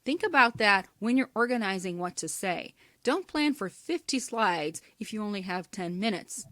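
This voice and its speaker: A woman with a medium-pitched voice teaching presentation skills in a clear, measured, deliberate way. The recording is dry and close, with no room sound. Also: expressive, pushed and bright, no echo. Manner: clear, measured, demonstrates intonation examples. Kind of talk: instructional talk on presentation skills.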